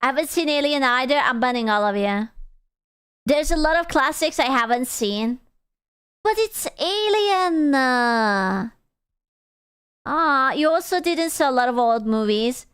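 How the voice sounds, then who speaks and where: A young woman streamer with a high, clear, smooth voice, talking with her chat in an unhurried, teasing way. She swears freely and jokes around, close to a desk mic in a dry room. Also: expressive, fairly bright tone, no echo. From Europe. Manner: crude, teasing and playful, laughs often. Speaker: VTuber streamer.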